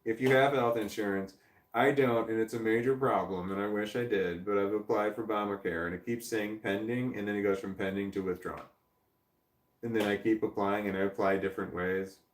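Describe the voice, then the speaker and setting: A man's voice: lowish voice, steady tone, brisk, roomy sound, recorded from a distance. A man hosting a casual livestream from a chair indoors, rambling and self-deprecating as he answers chat. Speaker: livestream host. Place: indoor room, seated in a creaky chair.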